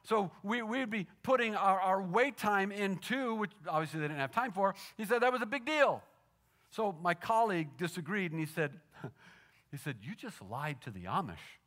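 A male pastor delivering a sermon, telling a story that swings from animated to soft and hushed, often repeating words as he builds a point. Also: high voice, normal speed.

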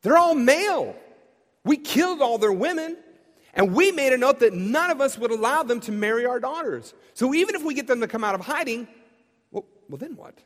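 A man voicing a worried ancient Israelite man who raises objections in an anxious, squeaky tone. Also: animated, fairly quick. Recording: long hall reverb.

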